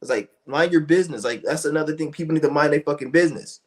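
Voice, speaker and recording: A man's voice: on the high side, fast talker. A young man talking in a blunt, profane, rambling rant, full of restarts and fillers. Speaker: streamer. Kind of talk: ranting monologue.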